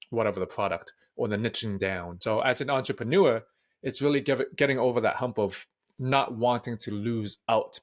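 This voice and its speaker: A man who is a public speaking coach, speaking as a guest in a casual interview in a frank, direct way. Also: medium pitch. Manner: frank, direct, matter-of-fact.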